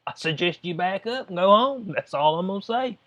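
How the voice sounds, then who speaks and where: A man hosting his own channel, talking straight to viewers in a slangy, animated, mocking commentary style. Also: high voice, brisk, highs cut off. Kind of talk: casual reaction commentary.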